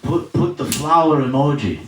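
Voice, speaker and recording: A man's voice: medium pitch, expressive, normal speed, lightly acted. A man voicing his immigrant single mother, blunt, bossy and oversharing. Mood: bawdy. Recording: echoey stage mic from far off, loud noise.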